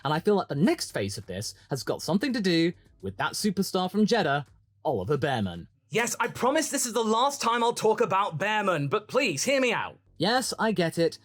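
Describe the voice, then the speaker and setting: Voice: medium pitch, sing-song, moderate pace, no echo. A motorsport commentator delivering a chatty opinion monologue, often breaking into dramatic quoted asides.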